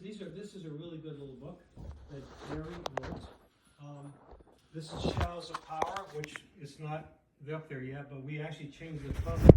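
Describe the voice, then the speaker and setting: A man with a fairly high voice casually presents books to a dinner group, chatting away and checking in with "okay?" and "right?" again and again. He sounds far off in an echoey room, with heavy background noise.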